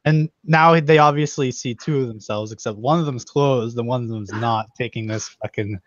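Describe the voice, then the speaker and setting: A young man narrating as game master, laughing as he quotes characters in quick snatches. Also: mid-range voice, no echo. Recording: dull, dry lo-fi recording.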